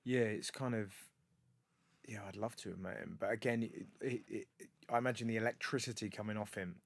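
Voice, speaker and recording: A male host in casual conversation, relaxed, prompting his guest with short questions and agreements. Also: on the low side, brisk, gravelly, dry recording. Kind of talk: casual chat.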